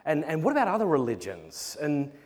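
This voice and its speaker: A young South Australian man with a high voice and brisk pace tells humorous stories to a conference audience, acting out quotes and laughing. The large conference hall gives reverb, with faint noise underneath.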